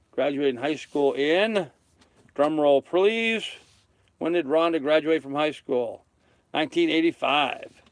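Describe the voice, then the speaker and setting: A man's voice: on the high side, clear, resonant tone, dry recording. Chatty man hosting a boat livestream. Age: 30s. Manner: chatty, thanks viewers by name. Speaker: sailboat livestream host. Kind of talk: casual livestream chat reading comments. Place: on a sailboat cockpit.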